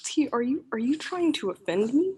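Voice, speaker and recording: A woman's voice: sits high, big pitch swings, normal speed, dark tone. A woman calling in to a show, talking in a sweet, effusive and pleading way. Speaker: caller. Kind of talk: casual call-in chat.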